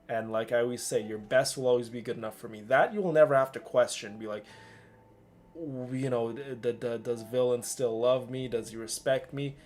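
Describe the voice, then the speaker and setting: This is an emotional livestream chat: a weary man with a medium-pitched, darkish voice addresses his viewers, stammering and saying things more than once with real feeling.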